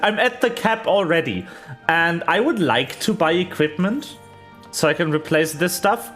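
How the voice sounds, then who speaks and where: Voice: medium pitch, animated, unhurried, a bit bright, faint music behind. A VTuber streamer giving rambling, chatty commentary while playing, full of fillers and small laughs. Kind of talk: casual game stream commentary.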